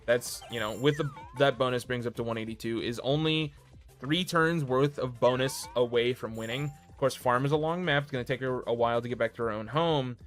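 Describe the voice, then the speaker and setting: A man streams live commentary of a board video game, calling each roll and fight in quick play-by-play. He mixes in self-deprecating asides, and faint music plays underneath his voice. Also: medium pitch. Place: home streaming setup.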